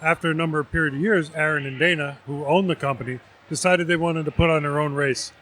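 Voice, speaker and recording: Man from New Jersey, slightly high voice, measured vendor pitch. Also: steady tone, a bit bright. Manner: measured, explanatory. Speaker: vendor representative. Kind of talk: casual interview.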